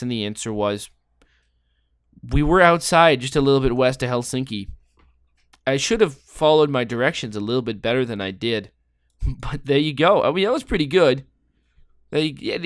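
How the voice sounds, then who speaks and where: A man's voice: medium pitch, no echo, studio quality. A man giving casual, rambling commentary while playing a guessing game, joking and thinking aloud. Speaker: gameplay commentator.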